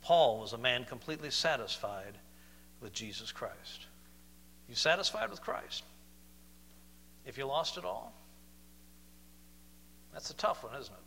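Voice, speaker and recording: A man preaching a sermon, moving between loud, emphatic declarations and soft, slow, questioning passages. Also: mid-range voice, sing-song, big-room sound, a little hiss or hum.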